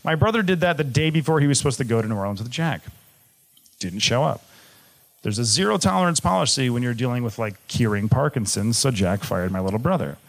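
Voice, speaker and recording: A man's voice: mid-range voice, expressive, a little fast, vocal fry. Candid young man telling a story live. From Michigan. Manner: candid, swearing, shifts from jokey to grave. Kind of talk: personal story told on stage.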